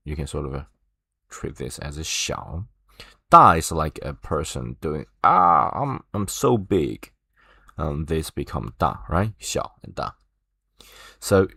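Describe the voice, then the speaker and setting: A man walks learners through an online language lesson. He talks slowly and explains step by step, dotting his sentences with fillers and "right?". The sound is dry and close. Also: deep voice, creaky, dry recording. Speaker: Chinese language teacher.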